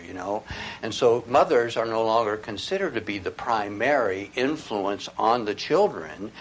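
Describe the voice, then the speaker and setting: A man's voice: mid-range voice, a little hiss or hum. A man preaching a sermon in an emphatic way, asking rhetorical questions.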